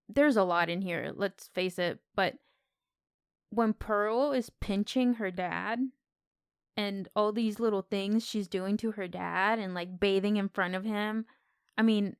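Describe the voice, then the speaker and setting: A woman co-hosting a casual film podcast, talking in an animated, exclamatory way. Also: medium pitch, clean tone, no room sound, clean studio sound. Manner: animated, exclamatory, acts out quotes. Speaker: podcast co-host.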